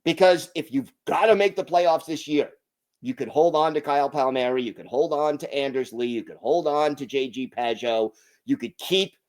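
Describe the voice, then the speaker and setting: Man, podcast host, slow delivery, slightly high voice, emphatic hockey analysis. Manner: emphatic, deliberate opinion talk.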